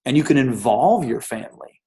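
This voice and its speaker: A man's voice: medium pitch, lively intonation, brisk, dark tone. A man hosting a business talk, upbeat and exhorting, speaking straight to the people in the room. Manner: upbeat, exhorting, addresses listeners directly. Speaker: host. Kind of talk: motivational talk to an audience.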